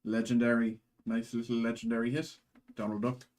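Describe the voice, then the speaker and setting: Man, live stream card break host, reads card names in lists, mid-pitched voice, chats with viewers. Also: flat delivery, a little fast, darkish tone. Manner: chatty with chat viewers, thanks buyers. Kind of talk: live stream pack opening.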